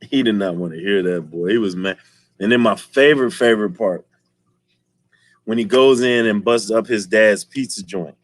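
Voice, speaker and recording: A man streaming and chatting casually with his viewers, telling stories in an animated way and laughing often. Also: lowish voice, normal speed, dry recording. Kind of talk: casual chat.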